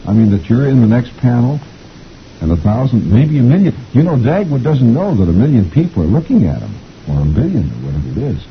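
A man's voice: medium pitch, very animated, brisk, vocal fry, highs cut off, a little hiss or hum. A middle-aged man hosting a chatty reading of the comics, folksy and rambling, chuckling often. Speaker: host reading the comics aloud.

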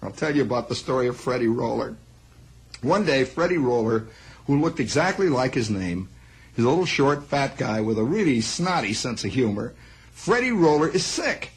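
A man telling a long personal story in a spoken monologue, rambling and animated, acting out sounds. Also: mid-range voice, moderate pace, husky, poor audio.

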